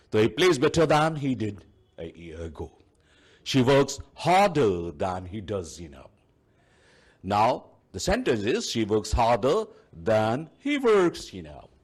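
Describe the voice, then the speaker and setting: A male teacher, giving a deliberate televised grammar lesson and saying "you know" often. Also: medium pitch, husky. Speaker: English teacher. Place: TV studio.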